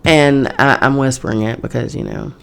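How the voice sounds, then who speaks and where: Gravelly-voiced woman podcast host, blunt. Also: very deep voice, normal speed. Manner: blunt, profane, conversational. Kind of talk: casual spiritual monologue. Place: home in New York.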